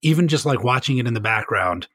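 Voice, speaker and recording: A man's voice: mid-range voice, animated, fast talker, a bit bright, dry recording, studio quality. A man guesting on a podcast, telling stories in casual chat with rambling enthusiasm and frequent laughs.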